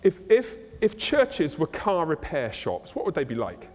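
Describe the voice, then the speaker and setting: A man's voice: on the high side, unhurried. Man preaching a sermon in an echoey hall. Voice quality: conversational, animated, humorous. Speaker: pastor.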